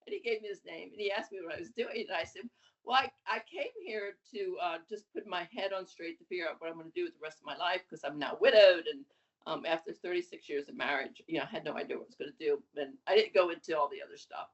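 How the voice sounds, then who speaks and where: A woman in her seventies, a guest on an interview podcast, telling her story in a lively, animated way. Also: fairly low pitch, fast talker. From USA. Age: 70s. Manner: lively, animated storytelling with laughs and acted quotes. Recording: dull lo-fi audio.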